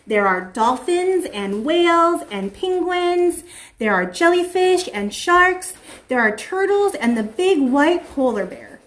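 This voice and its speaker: A young woman teaching preschoolers, reading a picture book aloud in an animated, sing-song way and asking the children questions. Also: very high voice, takes it slowly. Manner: animated, sing-song, voices creatures in the story. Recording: echoey room.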